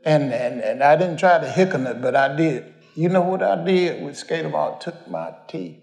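A man's voice: on the high side, sing-song, moderate pace, creaky, a little mellow, reverberant. An older man, preaching a folksy storytelling sermon, rambling and homespun as he addresses the congregation.

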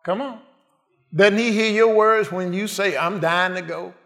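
A man's voice: high-pitched, a little slow, a bit bright. A man preaching a sermon in a call-and-response way, asking the congregation questions and answering them.

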